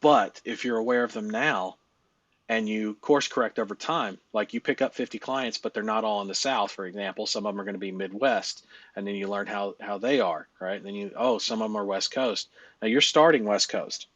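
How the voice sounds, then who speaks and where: A man's voice: fairly low pitch, brisk, fairly bright tone, no room sound, dull audio. A man coaching in a casual, blunt way. He swears a lot, laughs often and uses many fillers. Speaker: live-stream business coach.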